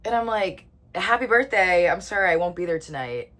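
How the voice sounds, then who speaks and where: A young woman in her twenties telling a story to the camera in a casual, chatty way, full of "like" and pausing to eat. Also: fairly low pitch, expressive, fairly bright tone. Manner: chatty, lots of "like", eating while talking. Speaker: vlogger.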